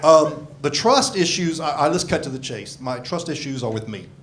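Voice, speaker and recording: A man's voice: a little high, lively intonation, normal speed, fairly bright tone, a little hiss or hum. Grumpy profane comic in his sixties. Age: 60s. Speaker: stand-up comedian. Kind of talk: stand-up comedy set. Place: comedy club stage. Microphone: handheld mic. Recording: live club with crowd laughter. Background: audience laughter.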